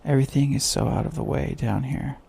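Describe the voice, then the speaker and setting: A polite, eager young girl, as a man reads her in a gentle bedtime storybook. The voice is gravelly and dark, with a husky edge. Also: medium pitch, a little fast, heavily acted.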